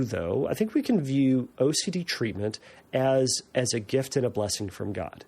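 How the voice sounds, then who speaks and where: A podcast host with a husky, mid-range voice and a darkish tone talks casually as he explains things. His delivery is conversational and full of fillers and restarts.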